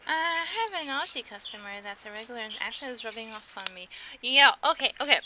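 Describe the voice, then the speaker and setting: Young woman, American accent, higher voice, casual rambling stream chat, laughs often, audible background noise. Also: expressive, a little fast. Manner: chatty, giggly, self-interrupting.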